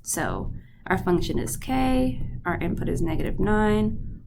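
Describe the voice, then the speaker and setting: A woman's voice: medium pitch, animated, unhurried, vocal fry, noisy background. A woman teaching a math lesson, stuffy-nosed, patiently checking in with her students as she goes. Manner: patient, checks in with "right?" and "okay?". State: stuffy nose.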